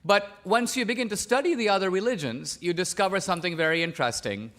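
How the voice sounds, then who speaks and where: Debater, male, from India, fairly high voice, pushes his case hard on a big stage. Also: fast, fairly bright tone. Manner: pressing, argumentative, quotes opponent's words back. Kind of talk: formal debate argument. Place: large auditorium stage.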